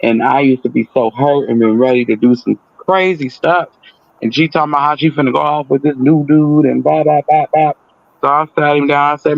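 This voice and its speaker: A man telling a personal story in casual talk, animated, acting out the voices of the people in it. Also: medium pitch, brisk, creaky, dry recording, highs cut off.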